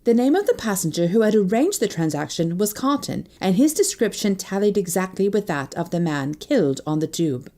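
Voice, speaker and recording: A woman narrating a novel in the first person, expressive and lively as she reads. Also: mid-range voice, brisk, hardly any pauses. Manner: expressive, lively character voicing. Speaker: audiobook narrator.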